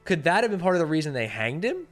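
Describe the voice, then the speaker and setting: Animated male game streamer. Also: fairly high pitch, fast. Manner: animated, joking, profane. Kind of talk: casual gaming commentary.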